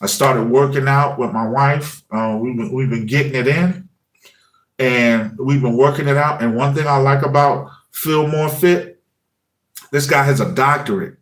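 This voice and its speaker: A man's voice: medium pitch, a little slow. A man hosting a casual morning livestream, talking in a loose, easygoing way and often asking "you know what I mean?". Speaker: livestream host. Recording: echoey room.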